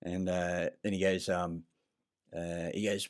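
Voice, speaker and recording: Man, low deep voice, rambling vlog monologue, lots of ums and restarts, blunt, profane. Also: level tone, takes it slowly. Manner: rambling, meandering, frequent fillers and restarts. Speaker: vlogger. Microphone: self-recorded clip.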